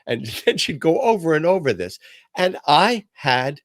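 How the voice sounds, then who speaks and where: An older man hosts his talk podcast with lively, swooping pitch. He tells stories with self-deprecating humor. The sound is close and dry, with no room around it. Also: a little slow, no room sound. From New York. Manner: storytelling, animated and self-deprecating. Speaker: podcast host. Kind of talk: casual chat.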